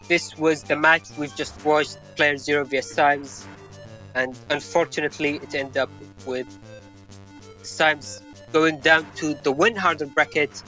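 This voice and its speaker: Bright-voiced man hosting a game tournament. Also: a little high. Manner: laughs often, explains game mechanics. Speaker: tournament player and stream host. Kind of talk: casual esports commentary.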